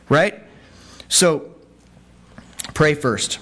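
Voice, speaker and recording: A man preaching a sermon in a conversational way, checking in with the congregation with frequent asides and climbing in pitch when he quotes scripture. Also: slow. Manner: animated, pitch jumps when quoting. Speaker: pastor.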